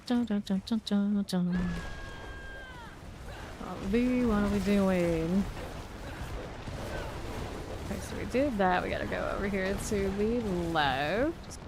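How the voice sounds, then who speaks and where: A woman's voice: medium pitch, slow pace, pauses often, background noise. Chatty woman streaming a game. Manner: chatty and rambling, heavy use of "like". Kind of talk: casual gameplay chat.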